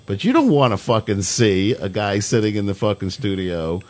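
A man's voice: fairly low pitch, normal speed. A man in his fifties telling rambling stories in casual radio chat, swearing freely. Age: 50s. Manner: profane, rambling storyteller. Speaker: podcast host.

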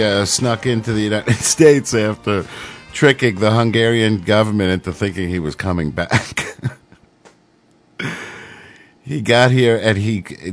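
A middle-aged man hosting a radio show, rambling casually between songs with lots of fillers. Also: lowish voice. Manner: rambling, laid-back, many fillers.

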